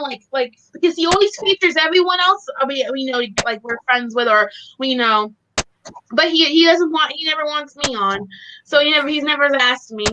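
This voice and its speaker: A woman's voice: sits high, pushed and bright, lo-fi sound, a little hiss or hum. A woman chatting casually as co-host, giggling often and hesitating with many fillers. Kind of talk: casual chat.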